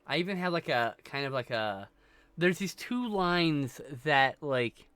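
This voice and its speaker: Stoned guy streamer rambling at chat, bright edgy voice, kinda high, swears a ton, dry close sound. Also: expressive, a little slow, smooth, dry recording. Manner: rambling, scattered, swears a lot. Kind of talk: casual chat with chat.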